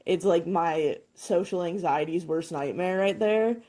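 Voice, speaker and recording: Young woman, podcast guest, lower voice, candid, casual filler-heavy chat. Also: unhurried. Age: young adult. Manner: candid, relaxed, with many "like" fillers.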